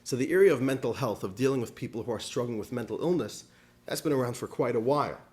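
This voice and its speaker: A man, a rabbi, teaching a class in an animated storytelling manner, dropping in Yiddish words. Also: mid-range voice, fast.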